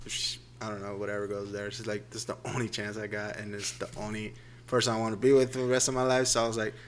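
A young man co-hosting a casual chat, talking in a relaxed, rambling way. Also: fairly low pitch, fast talker, slight background noise. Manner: relaxed, laid-back, rambling. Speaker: podcast co-host.

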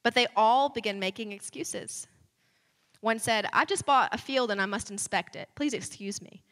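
An American woman delivers a sermon in a high, bright voice at a moderate pace, starting conversationally and building to fervent emphasis. The long reverb of a large church hall rings around her words.

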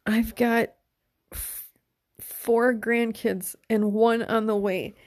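A woman's voice: on the high side, steady tone, slow pace, darkish tone, no room sound. A middle-aged woman hosting a casual podcast monologue, talking candidly and with heart, swearing freely and open about her feelings. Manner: emotional, openly tearful at times. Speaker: podcast host.

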